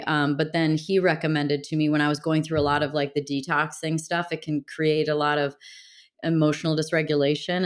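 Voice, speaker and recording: A woman guest speaking candidly and reflectively in a casual interview, with many fillers and restarts. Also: sits low. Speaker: podcast guest.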